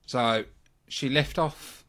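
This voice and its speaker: A man's voice: mid-range voice, drawn-out words, a bit bright. Chatty British man reviewing wrestling. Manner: chatty, opinionated, many ums and asides. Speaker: wrestling review podcast host. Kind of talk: casual solo review.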